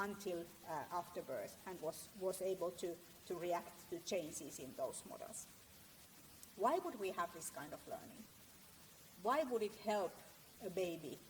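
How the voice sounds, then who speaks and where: A middle-aged woman lectures in a measured, steady way, often pausing on fillers and restarting her sentences. Her voice sits at an ordinary pitch, and faint noise runs underneath it. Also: low-quality recording. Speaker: guest lecturer. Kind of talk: university lecture. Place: lecture room.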